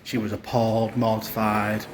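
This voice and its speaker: A man's voice: on the low side, completely flat delivery, normal speed, slight background noise. A young man, a new dad, recording a casual video diary, sounding exhausted and frustrated as he vents. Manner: frustrated, venting about hospital care. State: exhausted, low on energy.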